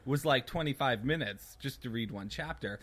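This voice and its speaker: A man co-hosting a podcast in casual chat, animated and joking around. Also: medium pitch, normal speed, husky. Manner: animated, breaks into silly accents. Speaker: podcast co-host.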